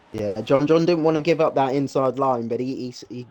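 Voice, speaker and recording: A man's voice: mid-range voice, steady tone, measured pace, a little mellow. Male co-commentator, analytical, stop-start delivery. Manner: analytical, repeats words when restarting. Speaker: race commentator. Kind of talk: sim racing co-commentary.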